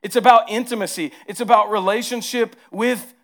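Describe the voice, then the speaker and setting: A man with a Southern accent preaching a sermon as pastor, moving between hushed, tender lines and emphatic rises. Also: sits high, steady tone, moderate pace.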